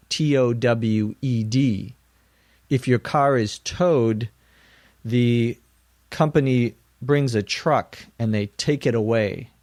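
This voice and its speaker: A middle-aged man narrating a scripted English lesson, slowly and carefully explaining each word. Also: medium pitch, no echo, studio quality. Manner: slow and deliberate, defining words plainly. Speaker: English teacher.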